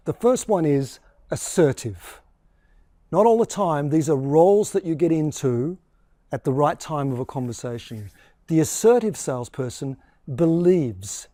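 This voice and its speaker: Dark-toned male sales trainer, dry sound. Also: on the high side, lively intonation, unhurried, no echo. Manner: demonstrates tones of voice as he talks. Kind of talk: explaining a training course.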